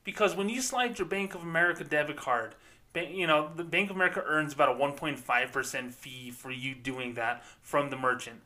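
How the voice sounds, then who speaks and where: A man's voice: a little high, brisk, pushed and bright. A man hosting a podcast, ranting sarcastically and with profanity about banking, speaking as a former bank employee. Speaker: podcast host. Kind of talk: ranting commentary.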